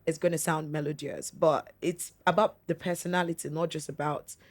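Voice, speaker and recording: Animated Nigerian woman, radio host guest. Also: low-pitched, normal speed. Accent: Nigerian English. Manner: animated, acts out radio announcer voices. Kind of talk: casual podcast chat.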